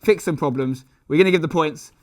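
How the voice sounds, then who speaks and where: A man hosting a football quiz, upbeat and clear as he explains the rules. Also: a little high, brisk. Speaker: quiz show host.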